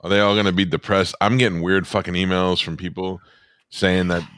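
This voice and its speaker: A man's voice: deep voice, little pitch movement, fairly quick, fairly bright tone, smooth, no echo, studio quality. A middle-aged man co-hosting a talk show, speaking in a blunt, profane, matter-of-fact way. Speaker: co-host. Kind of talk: casual talk-show chat.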